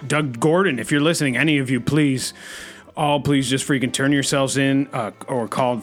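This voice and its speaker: A man's voice: mid-range voice, fairly even intonation, normal speed, faint music behind. A man hosting an improvised comedy bit, rambling anxiously and saying freaking constantly.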